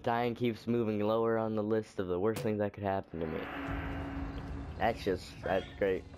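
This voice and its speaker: A man's voice: lowish voice, level tone, normal speed. A man giving casual let's-play commentary with jokey, crude, sarcastic asides. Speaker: gameplay commentator.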